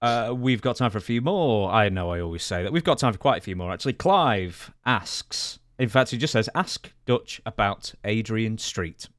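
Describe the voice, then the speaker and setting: Low-voiced, lively co-host. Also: male voice, normal speed, hardly any pauses, no room sound, clean studio sound. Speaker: co-host reading listener questions. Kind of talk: casual podcast chat.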